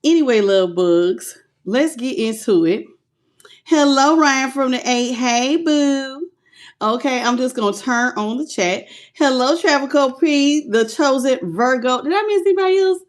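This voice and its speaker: A woman with a fairly high voice runs a live tarot stream. She greets each viewer by name in a playful, affectionate manner and laughs easily. She stretches out her hellos before turning to the cards. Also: expressive, unhurried. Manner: warm, playful, calls viewers "baby" and "boo", laughs often.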